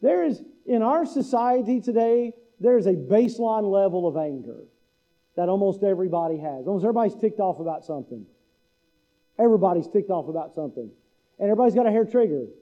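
A man's voice: high voice, lively intonation, quick pace, lo-fi sound. A middle-aged man preaching a sermon to his congregation in a folksy way, imitating the local speech of his listeners. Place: church hall.

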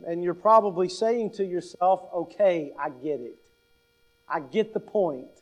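A man preaching a sermon, emphatic and deliberate, stressing key words and posing rhetorical questions to the congregation. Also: high-pitched. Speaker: pastor.

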